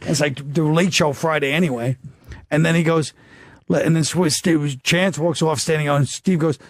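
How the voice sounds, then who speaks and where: A man's voice: on the high side, fairly even intonation, moderate pace. A man from New York with a New York accent, a guest comedian in casual chat, rambling through anecdotes and acting out what people said. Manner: rambling anecdotes with acted-out quotes.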